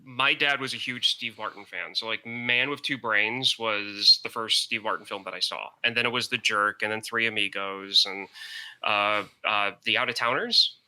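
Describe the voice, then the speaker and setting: A man chatting casually on a podcast, rambling along and stalling while he searches for words. His voice is strikingly bright and sharp. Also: on the low side, fairly even intonation, moderate pace. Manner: rambling, hesitant, hunting for words. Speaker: podcast co-host. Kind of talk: casual chat.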